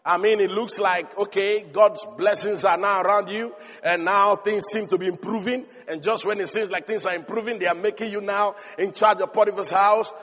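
High-voiced man preaching in an echoing hall. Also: normal speed, hardly any pauses. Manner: animated storyteller, rising to shouts of praise. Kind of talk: sermon. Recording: long reverb of a large hall.

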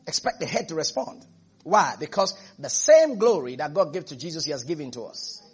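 A man's voice: fairly high pitch, expressive, a little fast, husky. A man preaching a sermon as pastor, emphatic and repetitive, calling out questions to his congregation.

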